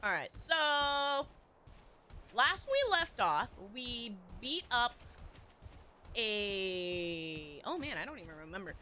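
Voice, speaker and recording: A woman's voice: medium pitch, very animated, measured pace, sharp tone, slight background noise. A woman game streamer chatting casually with viewers, rambling with lots of restarts and little laughs.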